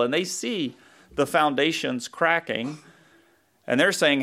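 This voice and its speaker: A man's voice: a little high, slow pace, long pauses, bright, forceful tone. A man with a Southern US accent, a pastor preaching a conversational sermon, thinking aloud with asides and self-corrections.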